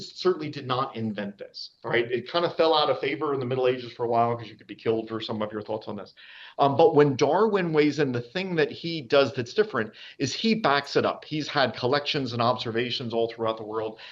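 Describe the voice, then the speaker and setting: A man's voice: medium pitch, fairly quick. A man giving an informal public lecture about wildlife, chatty and often checking in with his audience. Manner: chatty, checks in with the audience using "all right?"; frequent fillers and restarts. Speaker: lecturer and nature guide. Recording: dull lo-fi recording.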